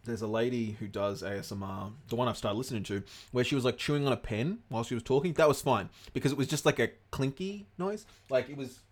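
A young man co-hosting a casual podcast, rambling and swearing freely as he chats. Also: medium pitch. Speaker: podcast co-host. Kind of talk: casual chat.

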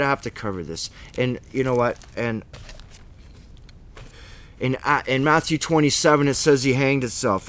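Man, bible teacher, emphatic, rambling, mid-pitched voice. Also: a bit bright. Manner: emphatic, rambling, with restarts and asides.

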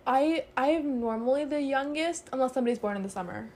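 A chatty teenage girl with a slightly high voice, talking casually with a friend. Her talk is upbeat and full of fillers. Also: lively intonation, fast, a little mellow, a little hiss or hum. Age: teens. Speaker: co-host. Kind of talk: casual chat.

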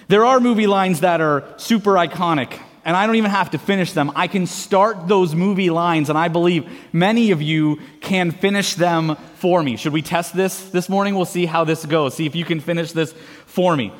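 A man's voice: sits high, moderate pace. Man preaching in a reverberant church. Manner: playful, engaging the congregation with call-and-response. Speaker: pastor. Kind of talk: sermon. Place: church sanctuary. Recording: long hall reverb of a church.

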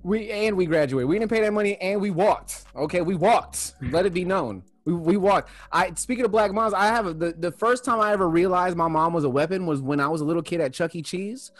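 A young man co-hosting a casual podcast, telling stories with lively acted-out quotes. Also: high voice, brisk, few pauses, soft background music. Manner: animated storyteller, acts out quotes loudly. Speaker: podcast co-host. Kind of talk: casual chat, storytelling.

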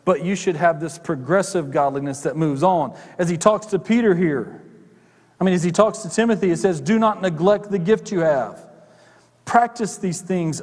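Middle-aged guy pastor giving a sermon, kinda high voice, cracks jokes with the crowd, big church echo. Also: a little mellow. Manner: conversational, joking asides to the congregation. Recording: long hall reverb.

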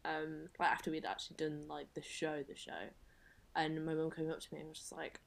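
A woman's voice: low-pitched, little pitch movement, brisk, vocal fry. A young woman chatting casually as a podcast guest, self-deprecating and laughing often. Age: young adult.

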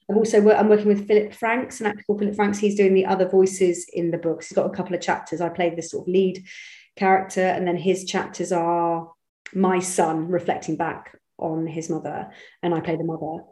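A woman from Britain who works as an actor and audiobook narrator, answering interview questions in a chatty, animated way with quick restarts. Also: lowish voice, reverberant, rough recording. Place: home studio.

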